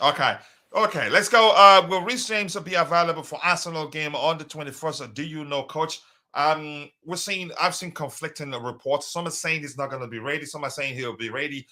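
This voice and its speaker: A man's voice: on the high side, moderate pace, pushed and bright. A man hosting a casual live stream, talking loosely with many fillers and reading out viewers' messages. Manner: hesitant, many fillers, reads chat aloud.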